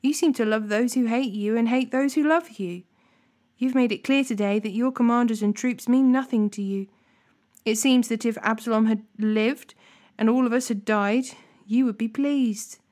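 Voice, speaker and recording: A woman's voice: fairly high pitch, normal speed, a little mellow, close to an everyday voice. A woman reading the lines of a stern male army commander who bluntly rebukes his king. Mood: reproachful. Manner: blunt and scolding.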